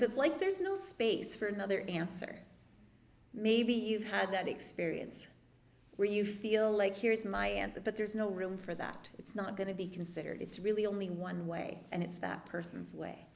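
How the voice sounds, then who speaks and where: A woman therapist giving a workshop talk, explaining calmly with lively asides. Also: mid-range voice, vocal fry, reverberant. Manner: calm explanatory teaching with lively dramatic asides. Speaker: therapist leading a church workshop.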